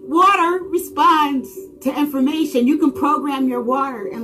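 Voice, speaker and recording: A woman with a slightly high voice delivers a spiritual monologue, firing off dramatic rhetorical questions. She swings from loud exclaiming to hushed, intimate lines. Singing bowl music rings clearly beneath her. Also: normal speed. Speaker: channel host.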